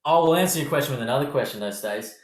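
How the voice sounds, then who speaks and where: A man's voice: mid-range voice, expressive, racing. An Australian man hosting a podcast, rambling casually, swearing freely and laughing often. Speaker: podcast host. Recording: roomy echo.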